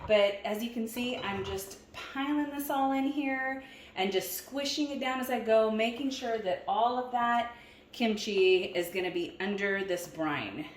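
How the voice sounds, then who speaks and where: A woman's voice: on the high side, a little slow, a little hiss or hum. A woman hosting a cooking vlog, talking in a chatty, rambling and upbeat way. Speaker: cooking vlogger.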